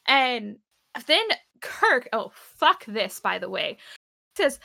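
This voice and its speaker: High, bright-voiced woman chatting animatedly. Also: slow, vocal fry, no echo. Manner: animated, swearing, laughing often. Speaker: podcast co-host. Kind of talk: casual chat recapping a TV episode.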